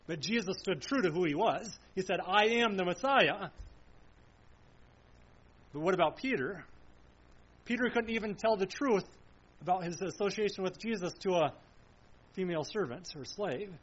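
A man's voice: high-pitched, normal speed, breathy edge, muffled recording. A man preaching a sermon in a solemn, emphatic way, repeating phrases and asking rhetorical questions.

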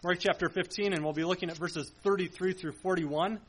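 High-voiced man preaching a sermon. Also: fairly even intonation, fairly quick, a bit bright, husky, low-quality recording. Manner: earnest preaching with rhetorical questions. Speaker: pastor. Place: church sanctuary.

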